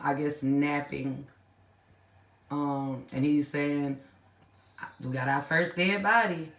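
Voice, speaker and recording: Woman ranting to her viewers, blunt and slangy, echoey room sound. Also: low-pitched. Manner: blunt, scolding, slangy, addresses viewers directly. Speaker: commentary channel host. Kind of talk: casual reaction commentary.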